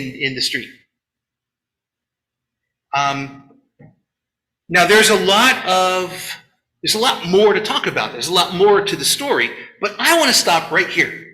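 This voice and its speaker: Lively high-voiced man giving a sermon. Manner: animated storyteller, acts out quotes, chatty asides. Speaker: rabbi leading a Shabbat service. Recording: echoey room.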